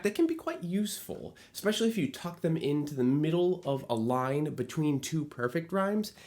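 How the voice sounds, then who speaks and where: Animated man teaching lyric writing. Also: medium pitch. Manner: animated, playful and expressive. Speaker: musical theatre writing teacher. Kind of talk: scripted online lesson.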